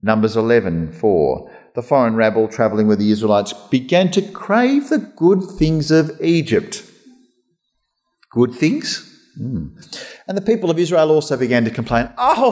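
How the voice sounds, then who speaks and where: A man preaching a conversational sermon as pastor, lively and chatty, slipping into mock voices. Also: fairly low pitch. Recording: long hall reverb.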